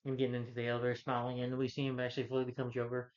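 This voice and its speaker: A man talks through a film's story in a loose, rambling way, piling on fillers and starting sentences over. His voice sits at a middling pitch. The recording sounds a little muffled and dull. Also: completely flat delivery, racing. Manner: rambling, filler-heavy retelling with frequent restarts. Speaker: film reviewer. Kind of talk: casual spoken film recap.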